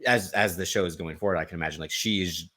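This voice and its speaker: A man co-hosting a podcast, chatting casually about a TV show, peppering his talk with "like" and "um" and quick laughs. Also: sits low, sharp tone. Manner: laughs often, fills with um and like. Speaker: podcast co-host. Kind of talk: casual chat.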